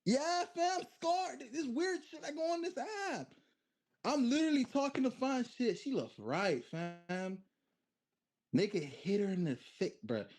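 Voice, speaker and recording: A young man talks over a video chat, his voice pitched high and swinging widely. He tells a wild story in a flood of slang. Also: measured pace. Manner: animated storytelling, full of slang. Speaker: stranger on the video chat app.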